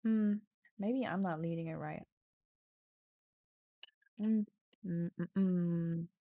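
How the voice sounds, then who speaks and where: A woman streamer casually reading a text adventure game aloud, playful and giggly, often breaking into loud mock shouting. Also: fairly low pitch, takes it slowly, no echo, phone-quality sound.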